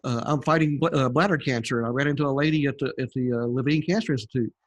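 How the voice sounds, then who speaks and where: An older man appearing as a podcast guest tells his story in a rambling, conversational testimony full of fillers. He speaks fast at a medium pitch.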